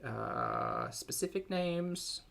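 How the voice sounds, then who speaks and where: Wry, bright-voiced Australian man commentating. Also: high-pitched, expressive, drawn-out words, gravelly. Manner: dry, wry asides between readings. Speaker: reaction commentator. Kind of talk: commentary over a livestream, reading aloud.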